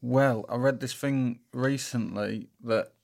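A man's voice: mid-range voice, steady tone, slow pace, gravelly, a little mellow. A man co-hosting a casual radio show, telling a story in a hesitant way with plenty of fillers. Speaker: band member and radio co-host.

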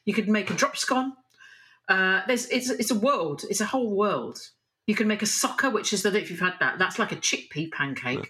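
A woman chatting as a podcast guest, rambling from one enthusiasm to the next and swearing freely. Her voice has a bright, forward tone. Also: medium pitch, expressive, a little fast, low-quality recording. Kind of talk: casual chat.

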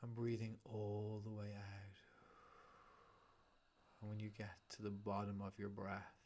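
A man leads a guided breathing session in a calm, soothing voice that often drops to a whisper. His voice sits low and level, with very little rise and fall. He speaks unhurriedly. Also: measured pace, a little hiss or hum.

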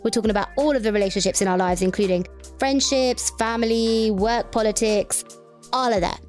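A woman's voice: fairly high pitch, brisk, darkish tone, soft background music. A young woman with a girlish, childlike voice, chatting and giggling as a podcast co-host. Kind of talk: casual chat.

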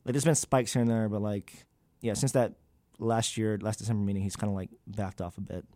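A man's voice: lowish voice, steady tone, brisk, warm tone, dry recording. A young man, a graduate student, talking candidly in an interview, with many fillers and loose, rambling sentences. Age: young adult.

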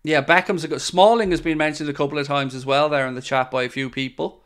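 Man, young adult, podcast host, slightly high pitch, casual chat, opinionated, chatty asides. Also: steady tone, quick pace, a bit bright, clean tone. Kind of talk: casual chat reading out live chat comments.

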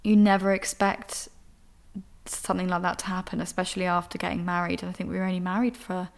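A woman's voice: fairly low pitch, little pitch movement, fast, vocal fry. A young woman hosting a podcast, talking frankly and emotionally about her own life, with casual swearing. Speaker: podcast host. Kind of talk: candid personal monologue.

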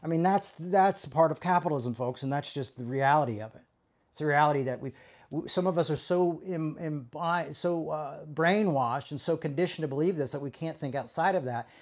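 A man's voice: on the high side, a little fast, darkish tone. A man giving a conversational sermon as a pastor, speaking with passion and often restarting and stumbling over his words.

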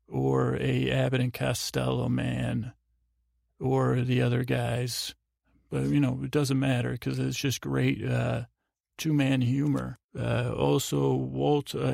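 A man hosting a sleep podcast, recapping a TV episode in a meandering, unhurried way, full of filler sounds and restarts. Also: medium pitch, vocal fry, a little mellow, no echo, studio quality. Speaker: podcast host.

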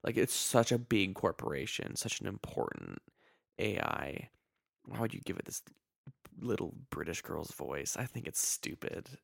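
Low gravelly man with lively delivery. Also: a little slow, no room sound, clean studio sound. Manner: blunt, swears, mock-quotes characters. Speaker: podcast co-host. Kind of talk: casual film review chat.

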